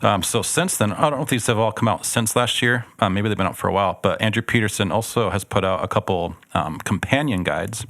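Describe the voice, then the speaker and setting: Low-voiced man rambling about a book. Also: fairly quick, hardly any pauses, a bit bright, dry recording. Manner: loose, rambling, many ums. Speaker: church podcast co-host. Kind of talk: casual book recommendation chat.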